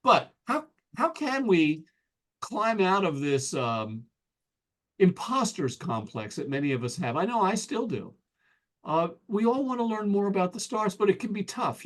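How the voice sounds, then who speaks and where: A man's voice: on the high side, sing-song, measured pace. An American man giving a casual, self-deprecating presentation to an astronomy club as a guest speaker, full of ums and restarts. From United States.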